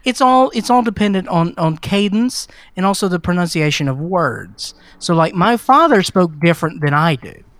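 A man's voice: high voice, expressive, moderate pace, hardly any pauses, a bit bright, dry recording. A man from Mississippi co-hosting a casual film podcast, wry and teasing, talking with restarts. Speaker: podcast co-host.

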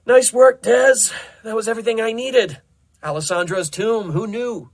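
A man voicing a pushy lab scientist who gives brisk, matter-of-fact orders. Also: a little high, very animated, pitched above the performer's own voice.

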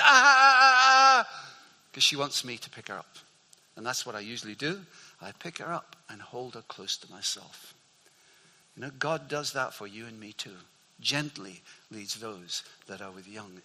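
Older preacher, bright, in a hall. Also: male voice, mid-range voice. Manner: earnest, repeats key phrases for emphasis. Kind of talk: sermon. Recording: hall reverb.

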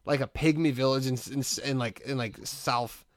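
Recorded dry in a clean studio, this man in his thirties has a mid-range voice and moderate pace. As a podcast co-host he rambles through a story in relaxed chat, animated and full of "like" fillers.

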